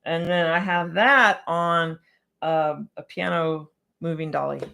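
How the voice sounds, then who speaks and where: A woman's voice: deep voice, steady tone, slow, gravelly, sharp tone, a little hiss or hum. A woman piano technician answering viewer questions on a casual livestream, chatty and a bit scattered, with frequent restarts and laughter.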